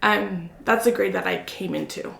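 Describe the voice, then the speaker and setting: Woman from mexico telling stories on a podcast, bit of gravel in her voice, laughs a lot, echoey room. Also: medium pitch, moderate pace. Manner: animated storyteller, laughs often. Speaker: podcast co-host. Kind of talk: casual chat. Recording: roomy echo.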